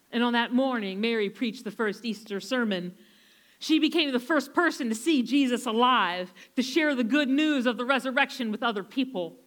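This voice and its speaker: High-voiced woman preaching a sermon. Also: a bit bright. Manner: emphatic, repeats phrases, slows down for dramatic stress. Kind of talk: sermon storytelling.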